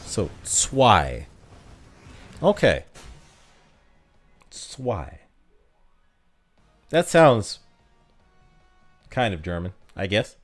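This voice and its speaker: A man's voice: on the low side, sing-song, slow pace, pauses often, soft background music. A young man streaming a mobile game, chatting casually with his chat and laughing at himself. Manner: chatty, self-mocking, laughs often.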